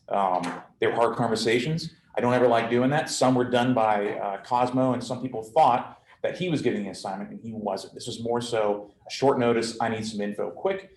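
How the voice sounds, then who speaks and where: Blunt low-voiced commander in an echoey room. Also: male voice, a little hiss or hum. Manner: blunt, conversational, full of military jargon and fillers. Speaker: squadron commander. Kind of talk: candid briefing to his officers.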